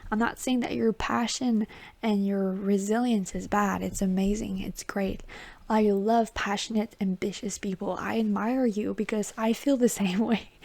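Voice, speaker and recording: A woman giving a tarot reading, talking softly and reassuringly, often dropping into a whisper and calling the listener baby or honey. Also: mid-range voice, steady tone, normal speed, creaky. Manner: chatty and affectionate, calls the listener baby and honey. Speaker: tarot reader. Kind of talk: intuitive tarot reading to viewers.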